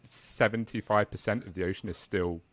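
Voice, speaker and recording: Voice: deep voice, fairly even intonation, normal speed, background noise. A podcast guest in casual chat, reacting with exclamations.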